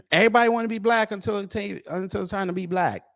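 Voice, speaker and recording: A man's voice: high-pitched, fairly even intonation, fairly quick, creaky, no room sound, clean studio sound. A man from the United States giving a reaction commentary, incredulous and mocking as he talks. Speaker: YouTube commentator.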